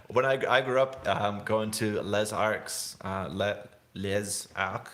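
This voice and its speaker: A man's voice: fairly low pitch, level tone, takes it slowly, a bit bright. A young man from England, hosting a casual snowboard livestream, chatting in a rambling, laid-back way with frequent laughs. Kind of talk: casual live-stream chat.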